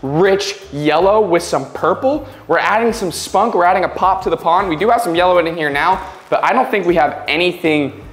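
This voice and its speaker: A man with a fairly high voice shows off fish in an enthusiastic, gushing vlog style, often repeating himself. His voice rings in a roomy, echoey space. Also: moderate pace, fairly bright tone. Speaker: fish channel host. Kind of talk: casual upbeat vlog chat.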